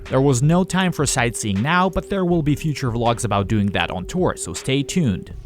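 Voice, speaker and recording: A man's voice: medium pitch, expressive, moderate pace, faint music behind. A young adult man narrating his touring vlog in a dry, matter-of-fact voice-over with wry humor. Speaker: touring drummer and vlogger.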